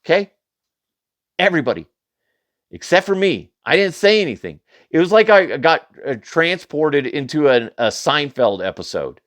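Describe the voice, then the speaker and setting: A man hosting a comedy news podcast, telling funny stories in a chatty, animated way and laughing at his own jokes. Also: on the high side, moderate pace, no room sound, clean studio sound. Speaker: podcast host. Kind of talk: casual comedic storytelling.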